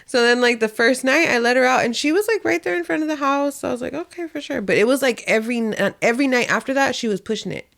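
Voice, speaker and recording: A woman's voice: high-pitched, fast talker, vocal fry, hardly any pauses, a bit bright. A young woman co-hosting a podcast, chatting casually and acting out quotes in her stories, often laughing. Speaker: podcast co-host. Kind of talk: casual chat.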